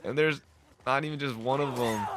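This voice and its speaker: A man's voice: medium pitch, fairly bright tone, slight background noise. A man giving casual commentary while playing a game, jumpy and exasperated, often swearing and laughing. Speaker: let's play gamer.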